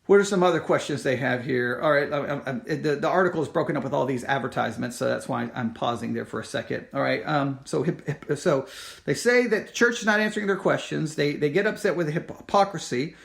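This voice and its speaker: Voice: medium pitch, animated, fairly quick, gravelly. A Christian commentator reads a news article aloud and comments on it in an emphatic, impassioned way, with frequent restarts and acted-out quotes.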